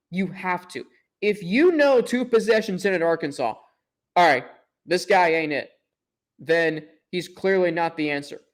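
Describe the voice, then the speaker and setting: Young male sports podcast host, fairly high voice, confident and emphatic, quick self-mocking asides. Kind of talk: opinionated sports podcast talk.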